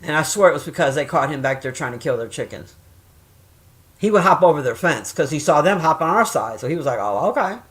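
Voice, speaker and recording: A middle-aged woman chatting casually and telling stories, swearing often and jumping loud when she acts out quoted voices. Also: low-pitched, brisk. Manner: profane, animated, acts out quoted voices loudly. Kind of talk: casual storytelling chat.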